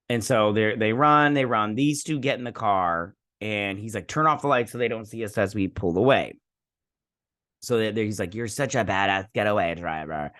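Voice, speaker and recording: A man on the low side of pitch, with a bit of brightness, hosts a relaxed episode review. He retells the scenes in a rambling fashion, heavy on "she's like" quotes and peppered with snark.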